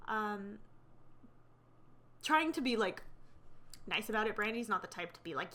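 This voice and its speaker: A woman's voice: fairly high pitch, animated, a little slow, long pauses, a bit bright, slight background noise. A young woman narrating a life simulation game in a casual, chatty way, full of fillers and gossip. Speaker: let's play narrator.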